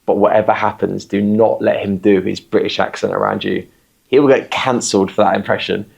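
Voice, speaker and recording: A man's voice: fairly low pitch, steady tone, fairly quick, creaky, darkish tone, slightly rough, dull audio. A man teasing a friend in a recorded message. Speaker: guest musician.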